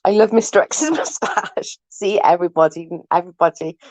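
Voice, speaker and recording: Woman, lowish voice, giggly, swears a lot, casual chat, dry close sound. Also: fairly quick, darkish tone, no room sound, low-quality recording. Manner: giggly, laughs often, swears freely.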